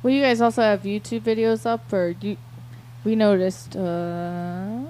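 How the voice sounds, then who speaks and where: A woman's voice: mid-range voice, fairly even intonation, a little slow, dark tone. A woman hosting a casual radio interview, upbeat and joking, laughing a lot. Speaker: radio host.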